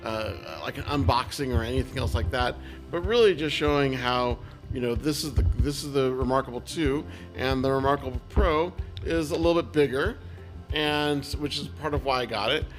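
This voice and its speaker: A man co-hosting a casual talk show, easygoing and conversational, often pausing with fillers. His voice sits at an ordinary middle pitch. Faint music plays underneath. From California. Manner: relaxed, conversational with frequent fillers. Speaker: co-host. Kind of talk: casual chat.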